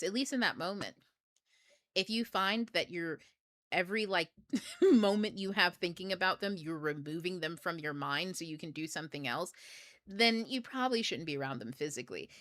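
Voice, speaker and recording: Middle-aged woman, casual blunt host who curses and laughs a lot; bright, edgy tone, dry recording. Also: fairly low pitch, dry recording. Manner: blunt, profane, laughs often. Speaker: book club host. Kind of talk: casual livestream talk.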